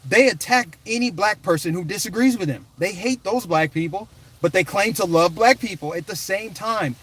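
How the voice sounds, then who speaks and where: A man from the United States rants on a political vlog, hammering points in punchy, repeated bursts. His voice sits high for a man. The delivery stays combative and emphatic throughout. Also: animated, moderate pace, fairly bright tone. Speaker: political commentary vlogger. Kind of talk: fired-up ranting commentary.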